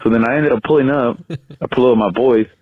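A man's voice: mid-range voice, brisk, no room sound. A young man leaving a crude, boastful voicemail story full of profanity. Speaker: caller. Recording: tinny phone voicemail.

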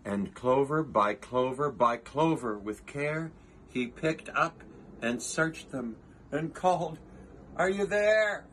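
A man reading a rhyming children's storybook aloud in a playful, unhurried way with musing asides. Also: mid-range voice, fairly bright tone, slight background noise. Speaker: reader.

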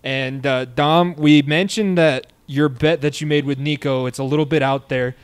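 A man's voice: a little high, fairly even intonation, moderate pace, smooth. Easygoing podcast host man. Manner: easygoing, steering the conversation. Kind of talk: casual podcast hosting.

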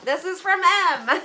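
High, bright-voiced woman gushing thanks. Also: a little hiss or hum. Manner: gushing, effusive thanks, fillers like "like" and "oh my gosh". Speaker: vlogger opening viewer donations. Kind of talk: casual live chat to viewers.

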